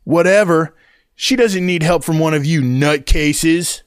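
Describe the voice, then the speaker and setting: A man's voice: high voice, sing-song, slow pace, no room sound, studio quality, voice pushed up, exaggerated voice. A man voicing a hot-headed blond teenage boy who snaps and jeers in an audiobook. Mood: angry. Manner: snapping, jeering.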